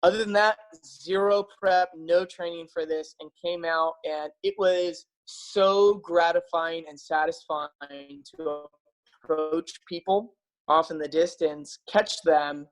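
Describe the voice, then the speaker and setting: In a rough recording, a man with a slightly high, steady voice takes his time. He's a health practitioner chatting enthusiastically to camera, casual and eager with his viewers, upbeat and persuasive, and he leans on fillers a lot.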